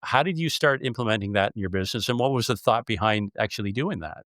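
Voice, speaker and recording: A man's voice: lowish voice, animated, fast, a bit bright, dry recording, clean studio sound. A man hosting a casual interview, telling stories with emphasis. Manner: storytelling, emphatic. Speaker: podcast host.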